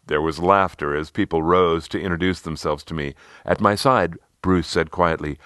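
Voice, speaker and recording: A man narrating a scripted workplace story in an expressive storytelling manner. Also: low voice, moderate pace, hardly any pauses, clean tone, dry recording, clean studio sound. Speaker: narrator and leadership consultant.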